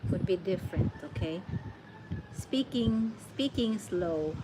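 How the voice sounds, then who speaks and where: A woman's voice: lowish voice, animated, noisy background. A woman from the Philippines chatting casually as she reacts to an accent lesson, repeating words and laughing. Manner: repeats words, laughs often, speaks slowly.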